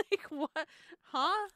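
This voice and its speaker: A woman's voice: very high voice, extremely slow, fairly bright tone, dry recording. A young woman streamer casually reacting to bodycam footage, blunt and profane, laughing often. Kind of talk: casual live-stream commentary.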